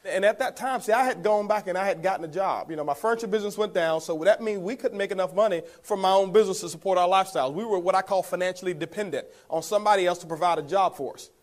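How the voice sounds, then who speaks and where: Talking at a quick pace with few pauses, a high-voiced network marketing speaker delivers a motivational talk. He walks the audience through his story, calls them guys, and chuckles throughout.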